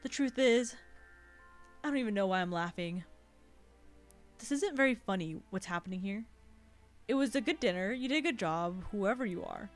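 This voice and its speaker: A woman's voice: mid-range voice, lively intonation, normal speed, long pauses, soft background music, lightly acted. A woman voicing a haughty, sinister female alien noble who broods over her loneliness as she reads a visual novel aloud. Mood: brooding. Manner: brooding, self-pitying monologue.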